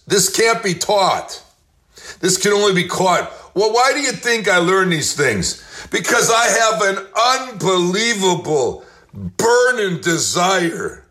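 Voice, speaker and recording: A man in his late sixties hosting a motivational faith talk, reciting affirmations and telling stories in a slow, emphatic preacherly way. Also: high voice, fairly bright tone. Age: 60s. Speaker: host.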